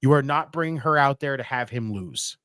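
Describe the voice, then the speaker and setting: A man co-hosting a casual wrestling podcast, excitable and profane, repeating himself for emphasis. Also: mid-range voice, fairly quick, smooth, no echo, studio quality. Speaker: podcast co-host.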